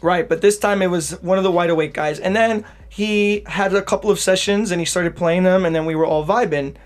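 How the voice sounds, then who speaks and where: Chatty higher-voiced man, podcast co-host. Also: fairly quick. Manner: rambling, restarts, says "right?" often. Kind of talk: casual chat.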